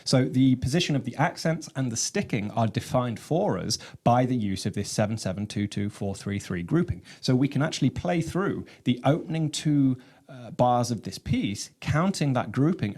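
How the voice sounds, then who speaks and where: A man teaching about his own snare drum composition, explaining rhythms in a measured way and counting them aloud. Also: medium pitch, lively intonation, a little mellow. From England.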